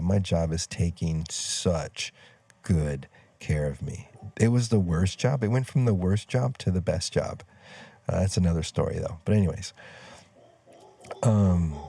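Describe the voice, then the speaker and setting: A man's voice: deep voice, a little slow, warm tone, no room sound. A middle-aged man telling a personal story outdoors in a loose, rambling way, full of fillers and side tracks. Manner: rambling, loses his train of thought, many fillers. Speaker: storyteller vlogger. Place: outdoors near trees.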